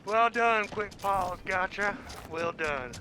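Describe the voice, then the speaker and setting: A man's voice: high-pitched, slow, bright, forceful tone, slight background noise. A man streaming a pirate game, talking in playful folksy outlaw banter to his crew. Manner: folksy outlaw banter, calls others "boy". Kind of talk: gaming stream with playful cowboy talk. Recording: gameplay sound under the voice.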